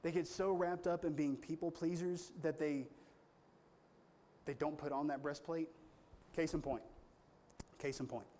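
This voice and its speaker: Male pastor, sermon; conversational, earnest, slightly high-pitched. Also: fairly even intonation, measured pace, pauses often, warm tone, slight background noise. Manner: earnest, conversational storytelling with strong emphasis.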